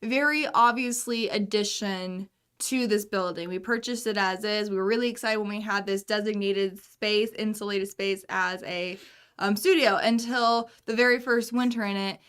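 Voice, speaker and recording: A woman's voice: medium pitch, steady tone, moderate pace, fairly bright tone, clean tone. A young woman co-hosting a casual live stream from a small studio, chatting in a rambling way with self-deprecating jokes. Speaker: co-host.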